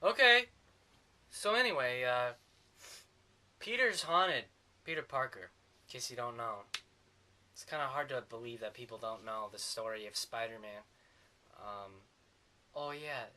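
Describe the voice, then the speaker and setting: A man's voice: mid-range voice, lively intonation, unhurried, long pauses, pushed and bright, slight background noise. A man giving a sarcastic, rambling comedic movie review.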